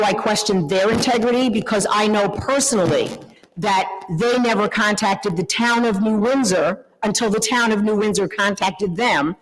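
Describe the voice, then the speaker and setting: Female resident, emphatic and indignant public comment, long hall reverb. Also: medium pitch. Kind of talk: public comment at a town meeting.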